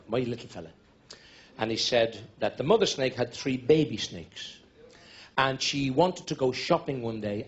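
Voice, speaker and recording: A middle-aged Dublin comedian at medium pitch tells rambling, anecdotal stand-up stories and bursts into loud shouts at the punchlines. The live recording sounds dull, with audience laughter in the background.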